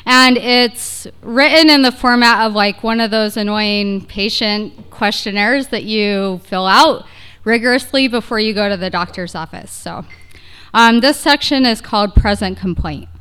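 A woman's voice: medium pitch, measured pace, a bit bright, clean tone. A woman casually introducing and then reading her personal essay aloud. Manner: casual, hesitant introduction with fillers. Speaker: essay reader.

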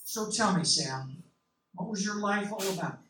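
A man voicing God as a calm, omniscient male figure with a mellifluous tenor voice and a patient, gently wry manner, in a storybook reading. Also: sits high, measured pace, full character voice. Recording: roomy, distant mic, faint hiss.

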